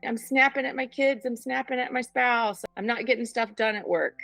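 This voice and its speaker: A woman's voice: steady tone, normal speed, gravelly, a bit bright, dry recording, faint music behind. A woman voicing a harsh, self-critical inner part of a hungover adult, berating itself. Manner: berating, high-pitched, self-scolding.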